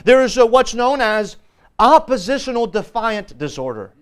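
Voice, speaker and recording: A man teaching a Sunday school lesson as pastor, earnest and emphatic, often pausing on fillers. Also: very high-pitched, sing-song, smooth. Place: church.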